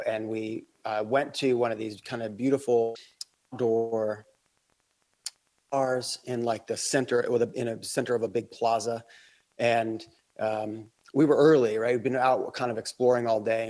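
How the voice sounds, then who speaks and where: A man's voice: mid-range voice, darkish tone. A man, a podcast guest, telling a long travel anecdote in casual conversation, rambling with fillers and acting out quotes. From Australia. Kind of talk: casual storytelling.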